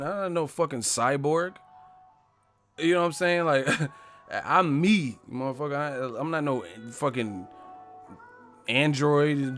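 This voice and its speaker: A man hosting a boxing live stream who rants casually, swears freely and jokes a lot. His voice sits in a middle pitch. Faint music plays behind him. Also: normal speed, a bit bright. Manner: profane, joking, mocks stiff interviewers in put-on voices. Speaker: boxing channel host.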